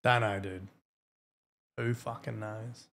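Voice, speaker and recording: Low-ish and steady, with a slow pace and a fairly bright tone, this young streamer talks offhandedly while he plays, swearing frequently and griping between laughs.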